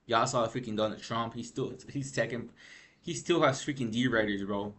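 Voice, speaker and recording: Man, gaming vlogger, tired, rambling slangy rant, mid-pitched voice. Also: moderate pace, a bit bright. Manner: rambling, slangy, frequent "bro" and "freaking". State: tired from lack of sleep. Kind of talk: casual ranting commentary.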